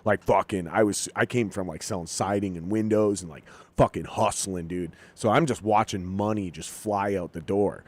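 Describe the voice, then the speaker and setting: Lively low-voiced man telling a story. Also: moderate pace, hardly any pauses. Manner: animated, swears freely, acts out dialogue. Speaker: podcast guest, rock musician. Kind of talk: casual storytelling chat.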